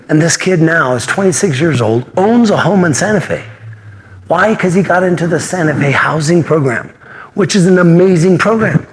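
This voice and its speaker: Earnest man in his fifties telling stories. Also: on the high side. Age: 50s. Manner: earnest, anecdotal, acts out dialogue. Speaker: guest, martial arts instructor. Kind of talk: interview storytelling.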